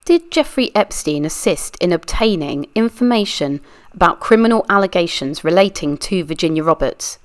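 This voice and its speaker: A woman's voice: fairly low pitch, expressive, moderate pace, natural voice. A woman reading a deposition aloud, voicing a lawyer who asks methodical, pressing questions. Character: persistent adult lawyer questioning a witness. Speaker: true crime channel reader. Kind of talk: read-aloud deposition reenactment.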